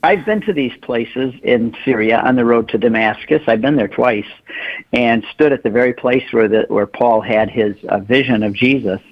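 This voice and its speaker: Husky guy on a radio show, animated storyteller, kinda muffled lo-fi sound. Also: mid-range voice, normal speed. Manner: animated storyteller, acts out quoted voices. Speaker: guest, pilgrimage leader. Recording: slightly dull radio sound.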